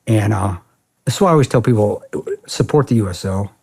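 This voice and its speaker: A man's voice: on the low side, animated, brisk, vocal fry, darkish tone, breathy edge. A middle-aged man, a podcast guest, telling a story bluntly and casually, profane and rambling with restarts.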